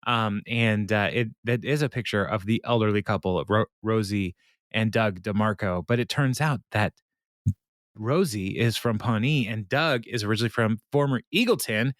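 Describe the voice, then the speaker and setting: A man's voice: on the low side, normal speed, no room sound, clean studio sound. A man co-hosting a podcast, casually recapping a sitcom episode with lots of fillers and laughter. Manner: rambling with many fillers, laughs often. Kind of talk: casual chat.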